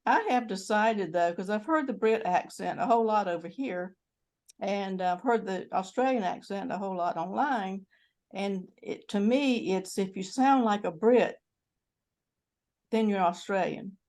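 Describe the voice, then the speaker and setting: A woman's voice: medium pitch, a little slow, a little mellow. An older woman with a North Carolina Southern accent, hosting a casual video-call chat and rambling with lots of fillers and restarts. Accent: North Carolina Southern American. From North Carolina, USA. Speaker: channel host.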